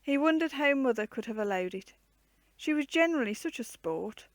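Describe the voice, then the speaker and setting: A woman reading a children's storybook aloud with an expressive, varied storytelling delivery. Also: high-pitched, fairly quick, no echo.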